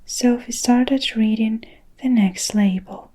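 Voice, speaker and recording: A woman narrates in a hushed whispered role-play, very slow and close to the microphone. Her whisper has a mellow, dark tone. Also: on the high side, rough recording. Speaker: storyteller.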